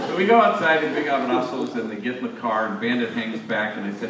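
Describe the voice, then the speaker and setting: Older priest telling stories in an echoey hall. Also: male voice, mid-range voice, quick pace, few pauses, very noisy. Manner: conversational, anecdotal with slang asides. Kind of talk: storytelling talk to teachers. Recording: echoey hall, distant mic.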